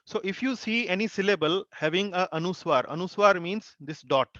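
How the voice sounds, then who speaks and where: A man teaching an online class, his voice a little high for a man. He explains slowly, repeats syllables and fills gaps with "uh". The sound is dull and lo-fi, close and dry. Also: fairly bright tone, no echo. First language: Hindi. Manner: slow explaining with many fillers and repeated syllables. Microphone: video call.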